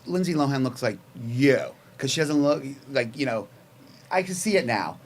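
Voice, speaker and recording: A man's voice: medium pitch, animated, normal speed, slight background noise. A man hosting a casual interview, enthusiastic and encouraging toward his guest. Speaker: podcast host.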